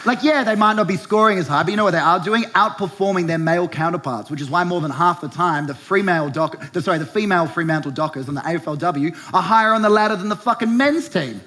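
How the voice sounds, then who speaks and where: A young Australian comedian hosting a show segment launches into a heated, sarcastic stand-up rant, swearing and mocking blokes in put-on voices. His high voice is fast, pushed and bright, with few pauses and slight background noise.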